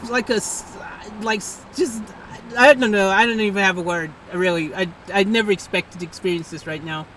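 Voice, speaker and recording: A woman's voice: high voice, recorded from a distance, slight background noise, low-quality recording. An American woman hosting a livestream, chatting casually and animatedly with an AI assistant, pleading and laughing. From United States. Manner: animated, pleading, repeating herself, bursts of laughter. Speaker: livestream host. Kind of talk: casual live chat with an AI assistant.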